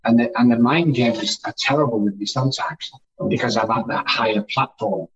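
A man's voice: mid-range voice, moderate pace, fairly bright tone. A man being interviewed, telling personal stories in an emphatic style and repeating phrases for effect. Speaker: guest, addiction recovery speaker. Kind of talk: conversational interview storytelling. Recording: distant, muffled remote audio.

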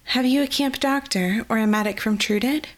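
A woman's voice: fairly high pitch, moderate pace, pitched above the performer's own voice, close to an everyday voice. A woman voicing a sensitive, earnest young woman who can hear dying trees, speaking in an anxious, earnest way.

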